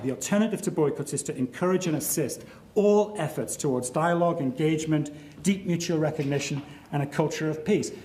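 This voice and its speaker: Man, middle-aged, formal debate speech, argumentative, mellow tone, roomy hall echo. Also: a little high, a little hiss or hum. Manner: measured, emphatic and argumentative, with rhetorical questions. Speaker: debate speaker. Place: large lecture hall. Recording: echoey hall recording.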